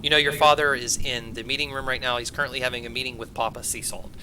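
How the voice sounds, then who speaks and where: A man narrating as game master of a tabletop game, relaxed and halting, with frequent pauses and uhs. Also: medium pitch, noisy background.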